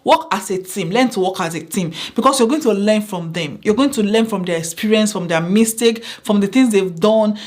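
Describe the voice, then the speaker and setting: Woman, mid-pitched, earnest advice vlogger who drives points home by repetition. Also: moderate pace, hardly any pauses, darkish tone. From Nigeria. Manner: earnest, repeats phrases for emphasis. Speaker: vlogger giving workplace advice. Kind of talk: casual advice talk to camera.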